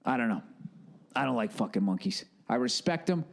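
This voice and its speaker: A middle-aged man, hosting a podcast in an animated, swearing comedic rant with acted-out asides. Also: medium pitch, brisk, creaky. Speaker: podcast host.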